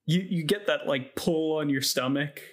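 A man's voice: a little high, moderate pace. Wry, stammering male podcast guest. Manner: wry, deadpan humor, stammers on restarts. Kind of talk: casual chat.

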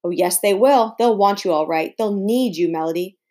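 Woman voicing a brisk, bossy tutor. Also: medium pitch, dark tone, lightly acted. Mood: encouraging. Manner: brisk, firm and upbeat. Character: bossy, encouraging adult woman tutor and coach. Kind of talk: reading a novel aloud.

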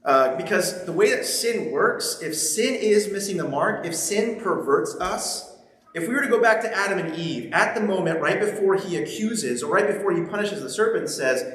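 A man's voice: high-pitched, lively intonation, fairly quick, fairly bright tone. A man preaching a sermon, reading scripture and then talking with the congregation in a conversational, humorous way, often checking in with them. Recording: very echoey large hall.

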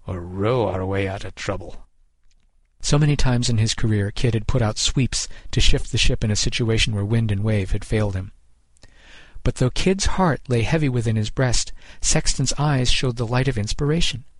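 A man's voice: mid-range voice, dry recording. Man narrating in a dry, close voice. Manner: measured, even storytelling. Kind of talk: scripted audiobook narration.

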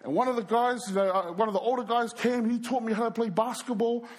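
A male preacher telling stories during a sermon, animated and speaking straight to the crowd. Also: very high voice, fast. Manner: animated storyteller who acts out quoted voices and addresses the crowd. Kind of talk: storytelling sermon.

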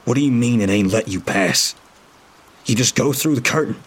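A man's voice: medium pitch, moderate pace, slightly rough, voice pushed up, close to an everyday voice. A man voicing an angry, guilt-ridden male drunk driver who snarls his words.

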